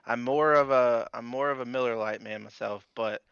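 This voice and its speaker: A man's voice: medium pitch, fairly even intonation, normal speed, creaky, fairly bright tone, clear, resonant tone, dry recording, highs cut off. A man chatting as a podcast guest, laid-back and easygoing. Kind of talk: casual chat.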